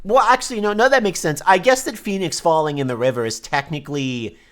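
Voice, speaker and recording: A woman's voice: lowish voice, a little fast. A woman streaming a game with friends, casual let's-play chat that is giggly and full of swearing. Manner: giggly, swearing, talks over herself.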